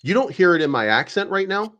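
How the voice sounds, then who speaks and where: A man's voice: high-pitched, very animated, fairly quick, pushed and bright, a little hiss or hum. A man from Kentucky in casual debate, talking bluntly and profanely with lots of energy. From Kentucky, USA. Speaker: guest.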